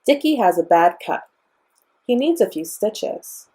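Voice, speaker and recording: A woman's voice: medium pitch, very animated, unhurried, mellow, breathy edge, voice pushed up. A young woman reading as an exasperated storybook doctor. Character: flustered grown man doctor.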